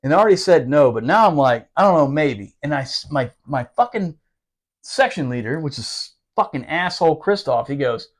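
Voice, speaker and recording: A man with a somewhat high voice tells a long, swearing story in loose podcast chat. He rushes some asides and laughs often. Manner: profane, animated, laughing, fast asides. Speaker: podcast guest telling a story. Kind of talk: casual storytelling.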